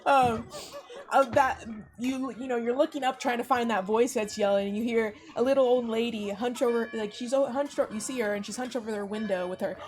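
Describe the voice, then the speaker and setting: A young woman narrating as game master for a tabletop game, in a loose, rambling manner full of fillers and small restarts. Her voice sits a bit high for a woman. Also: steady tone, fairly quick, darkish tone. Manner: rambling, with frequent fillers and laughs.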